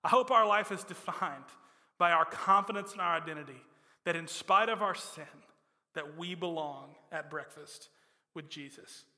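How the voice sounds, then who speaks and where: A man's voice: a little high, normal speed. Emphatic male preacher in a reverberant hall. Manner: emphatic, swinging from loud to soft. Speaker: pastor. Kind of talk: sermon.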